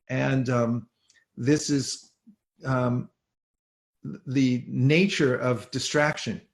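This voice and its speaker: Slow, gravelly-voiced man teaching meditation. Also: mid-range voice, echoey room. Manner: slow, hesitant, many pauses and fillers. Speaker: spiritual teacher. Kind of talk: guided mantra meditation class.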